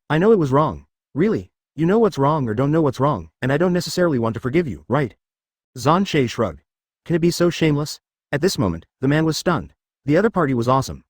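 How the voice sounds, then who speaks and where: A man's voice: a little high, breathy edge, dry recording, clean studio sound. A man narrating a story in a stilted, literal reading style, breaking in with abrupt sound words.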